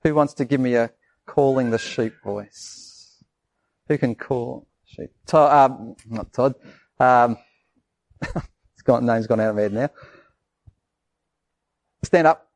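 A male pastor giving a lively children's sermon, asking the kids questions and acting out voices. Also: mid-range voice, slow, gravelly, long pauses.

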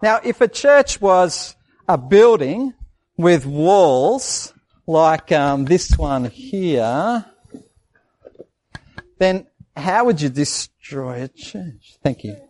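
Lively male pastor. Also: a little high, very slow, long pauses. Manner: lively, asks the children questions and acts out voices. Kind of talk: children's sermon.

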